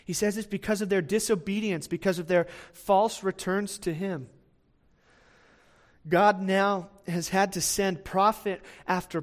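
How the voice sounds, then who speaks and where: A man preaching a sermon in a conversational way, checking in with his listeners and repeating words as he goes. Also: high voice.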